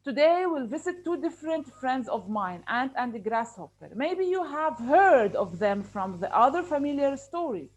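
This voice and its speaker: A woman's voice: sits high, very animated, brisk, few pauses. A woman voicing a cheerful male termite who narrates a children's play, reading it in an upbeat way. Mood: happy. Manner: bright, upbeat storybook reading.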